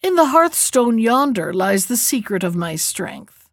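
A woman's voice: fairly high pitch, sing-song, unhurried, no echo, clean studio sound. A woman reading a boastful mocking dragon.

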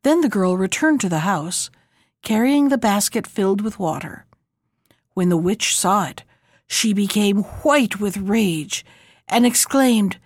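A woman reading a fairy tale aloud in an expressive, measured storybook manner. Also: medium pitch, no echo, studio quality.

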